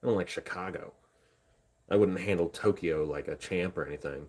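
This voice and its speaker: This livestreamer, a young man from Indiana, USA, has a low, darkish voice and speaks at a moderate pace. He's loose and chatty on stream, wandering from topic to topic, poking fun at himself, and talking to both chat and his dog.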